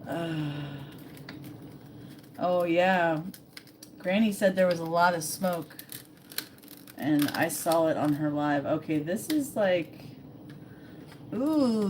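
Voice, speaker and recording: A woman's voice: on the low side, a little mellow, slight background noise. A woman hosting a casual live-stream vlog, reading aloud and joking along as she goes. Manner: chatty, reads aloud and jokes along. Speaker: vlogger, live-stream host.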